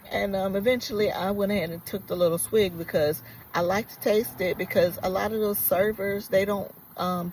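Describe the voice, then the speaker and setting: A woman's voice: fairly low pitch, darkish tone, slight background noise, poor audio. A woman vlogger telling a personal story in a casual, earnest and reflective way, rambling with many fillers.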